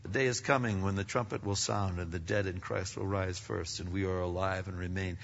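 A bright, forceful male preacher delivers a sermon, rising to loud emphatic peaks and falling to near-whispers. His voice rings through a large hall with a long reverb. The sound is slightly dull and muffled. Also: moderate pace, vocal fry, hardly any pauses, slight background noise. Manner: dramatic swings between loud emphatic peaks and hushed low passages. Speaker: pastor.

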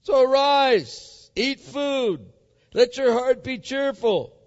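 A man voicing a scheming queen who coaxes and orders her sulking husband, raising his voice higher and louder. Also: expressive, heavily acted. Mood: coaxing. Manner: coaxing, brisk and commanding. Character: bossy coaxing queen, scheming wife. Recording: echoey hall, dull sound.

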